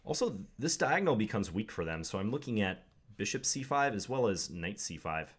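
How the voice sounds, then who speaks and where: A man's voice: on the low side, sing-song, a little fast, husky. A young man commenting live on his own game, thinking aloud with wry, self-deprecating asides. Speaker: chess commentator.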